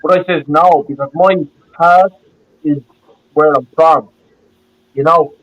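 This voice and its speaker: A man's voice: fairly high pitch, steady tone, slow pace, rough recording. A man with a Dublin Irish accent hosting a live call-in chat, blunt and repetitive, talking over a video call. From west of Ireland. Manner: blunt, swearing, repeats himself. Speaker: host.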